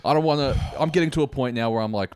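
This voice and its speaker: A man's voice: mid-range voice, very fast, a little mellow, clear, resonant tone, no echo, clean studio sound. A man chatting casually as a guest, enthusiastic and slangy. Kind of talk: casual comedic chat.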